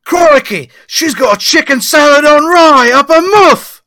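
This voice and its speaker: A man's voice: extremely high pitch, lively intonation, a little slow, sharp tone, pitched above the performer's own voice, heavily acted. A man putting on an Australian accent to play a crude male cop. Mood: brash.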